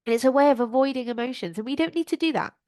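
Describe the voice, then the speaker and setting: A woman, a life coach, hosting her podcast in an animated motivational style and acting out her own inner voice. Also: high-pitched, rapid-fire, no echo, clean studio sound.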